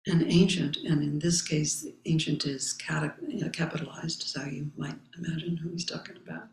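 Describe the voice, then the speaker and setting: A woman Zen teacher giving a dharma talk, reading a meditation text aloud and commenting on it in a slow, contemplative way. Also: deep voice, fairly even intonation, vocal fry, darkish tone, roomy sound, poor audio. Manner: slow, contemplative, pausing often. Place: meditation hall.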